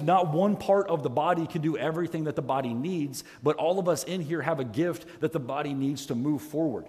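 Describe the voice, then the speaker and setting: A long reverb tail trails the fairly high, mellow voice of a pastor preaching into a headset microphone in a church sanctuary. He speaks fairly quickly with few pauses, earnest and self-deprecating, often beginning sentences again.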